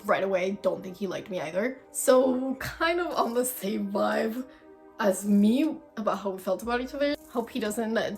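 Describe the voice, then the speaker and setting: Chatty young woman telling a story. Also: mid-range voice. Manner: chatty, dramatic storyteller, swears freely. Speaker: vlogger. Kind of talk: casual storytime chat. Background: faint background music.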